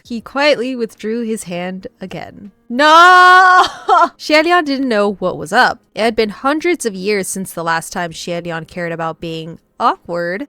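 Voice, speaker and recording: A woman's voice: mid-range voice, fairly bright tone, no echo. A woman reading a novel aloud and reacting as she goes. She often laughs, squeals and breaks off mid-sentence.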